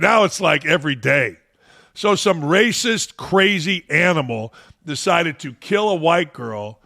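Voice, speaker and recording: Gravelly, blunt-talking male podcast host. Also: a little high, pushed and bright. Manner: blunt, profane, combative. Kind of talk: ranting sports-talk commentary.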